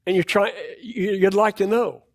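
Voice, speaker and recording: A man's voice: high-pitched, steady tone, normal speed, no echo, clean studio sound. A man preaching a sermon in a church, talking in a loose, conversational way and often repeating and restarting words. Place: church auditorium.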